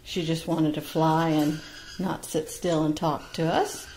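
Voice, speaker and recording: A woman who breeds parrots, talking casually at home to viewers and cooing to her baby birds in a sing-song voice with soft laughs. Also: low voice, little pitch movement, a little slow, a little hiss or hum. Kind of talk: casual chat to camera and baby-talk to birds.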